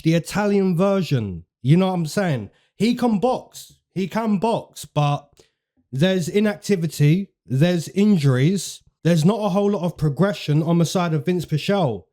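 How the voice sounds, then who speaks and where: A man's voice: high voice, warm tone. A man hosting fight predictions in casual, chatty commentary, repeating phrases for emphasis and using slang.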